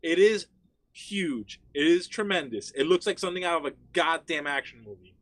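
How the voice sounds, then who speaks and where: A fairly high-voiced man from Miami tells a wild story as a guest on a casual chat. He is animated and swears freely, and he fills his sentences with "like." The sound is dry and close. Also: normal speed, no room sound. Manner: animated, profane, frequent "like" fillers.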